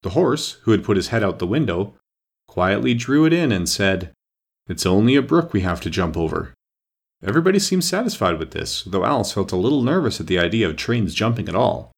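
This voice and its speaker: Gravelly man reading a storybook. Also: on the low side, very animated, brisk. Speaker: narrator.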